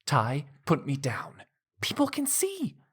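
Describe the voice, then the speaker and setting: A man doing a tearful young woman, high and breathy. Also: wildly swooping pitch, slow, a bit bright, full character voice. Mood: protesting. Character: young woman rower, emotional and joyful.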